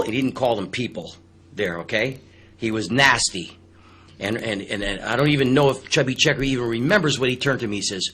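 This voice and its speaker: An older man, a musician appearing as a radio guest, telling stories in an animated, emphatic way. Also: medium pitch, brisk, slightly rough. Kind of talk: casual radio interview storytelling.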